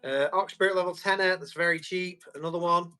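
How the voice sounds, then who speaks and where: A man's voice: sits high, steady tone, a little fast, sharp tone, clean tone. A man running a live tool auction, chatty and jokey with viewers. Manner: chatty, jokey salesman patter.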